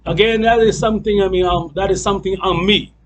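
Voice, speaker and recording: A man's voice: high voice, fairly even intonation, fast, lo-fi sound, a little hiss or hum. A man teaching a group piano class, counting in and chanting the beats aloud between loose, restarting explanations.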